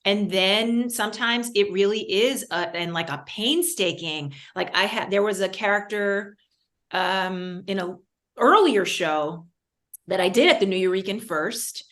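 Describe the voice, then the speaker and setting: A woman, a guest performer in a casual interview, talking in an animated, digressive way with many restarts and asides. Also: medium pitch, a little slow. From New York, born in Baltimore.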